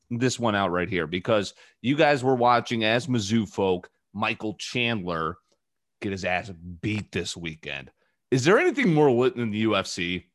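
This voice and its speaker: Speaking in a fairly low voice, this young man hosts a podcast and rambles through profane, lively anecdotes in relaxed conversation. The studio sound is clean, with no echo.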